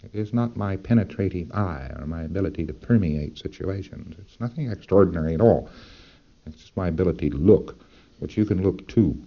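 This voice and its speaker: Male lecturer, low and dark, folksy and emphatic with rhetorical asides, muffled old tape sound. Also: brisk. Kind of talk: lecture to trainees.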